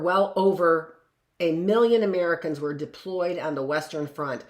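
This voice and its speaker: A woman's voice: fairly low pitch, reverberant. A woman teacher reading a history book aloud to a class, stopping for chatty asides and correcting her own slips.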